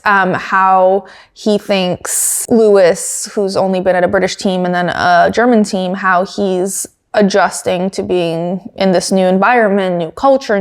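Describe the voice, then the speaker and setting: A woman hosting a casual motorsport podcast, chatting with many fillers, giggles and dry asides. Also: medium pitch. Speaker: podcast host. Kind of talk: casual chat recapping motorsport news.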